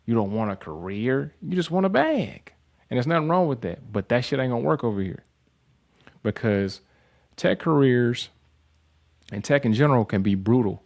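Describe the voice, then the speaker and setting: A man's voice: fairly low pitch, a little mellow. A man hosting a tech career channel, giving a blunt, profane motivational talk and mocking the people he describes. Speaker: host.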